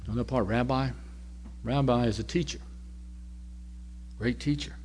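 Storytelling preacher, loud to hushed. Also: male voice, medium pitch, steady tone, moderate pace, a little hiss or hum. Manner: conversational, varies loudness from loud to near-whisper. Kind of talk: sermon with storytelling.

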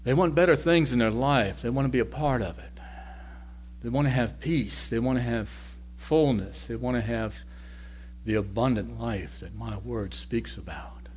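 A man preaching a sermon, telling a story in a conversational way and moving between loud lines and near-whispers. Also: medium pitch, moderate pace, husky.

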